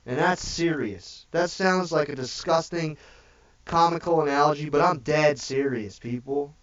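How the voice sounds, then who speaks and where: A man delivers a heated, preachy rant on a live stream, swearing freely and tagging nearly every point with "okay?". His voice sits fairly high for a man. It comes across dull and muffled, picked up from a little way off the mic. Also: measured pace, fairly bright tone, distant mic. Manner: preachy and profane, repeating "okay?" after each point. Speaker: livestream host. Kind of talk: impassioned livestream rant.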